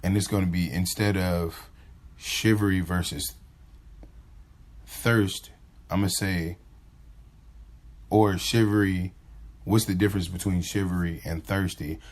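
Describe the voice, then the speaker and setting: Deep-voiced guy rambling on his podcast, lots of "like" and restarts. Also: fairly even intonation, a little slow, pauses often. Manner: acts out pickup lines in a livelier voice. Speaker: podcast host. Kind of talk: casual monologue.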